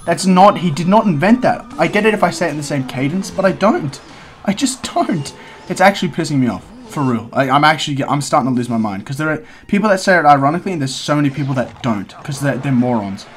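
A man's voice: on the high side, lively intonation. Young man commenting on his own gameplay. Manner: talks to himself while playing, quick swings into frustrated outbursts. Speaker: gaming content creator.

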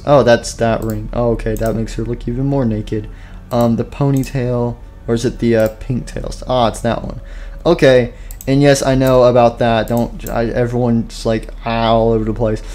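Warm in tone and mid-range, this man's voice delivers casual gameplay commentary from his computer. The gaming YouTuber rambles, uses many fillers, and is self-deprecating, sounding tired and a bit out of breath.

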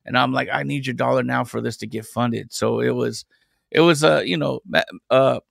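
Gravelly-voiced man telling a rambling story. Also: medium pitch, steady tone, normal speed, no room sound, studio quality. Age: adult parent. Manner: rambling storyteller, loose and conversational. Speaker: podcast guest, independent comic creator. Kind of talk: casual chat.

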